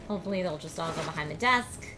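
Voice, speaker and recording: A woman streamer talking her way through a video game live, thinking aloud with quick laughs. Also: sits low. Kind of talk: live gameplay commentary. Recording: game music playing behind.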